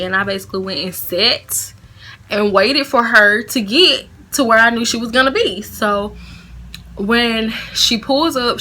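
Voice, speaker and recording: Young woman vlogger, chatty storyteller, crisp bright tone, soft background music. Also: mid-range voice. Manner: casual, chatty, laughing storyteller. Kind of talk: storytime vlog.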